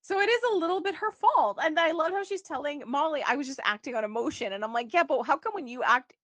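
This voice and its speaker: A woman's voice: sits high, quick pace, fairly bright tone, no echo. A woman co-hosting a podcast, chatting casually and quoting characters as she recaps. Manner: chatty, quotes characters, laughs often. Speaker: podcast co-host. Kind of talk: casual chat recapping a soap opera.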